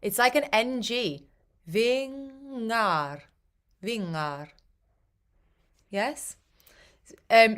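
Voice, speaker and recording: A woman's voice: mid-range voice, a bit bright. A woman coaching a choir on pronunciation, patiently repeating and demonstrating each sound. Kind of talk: language coaching for singers.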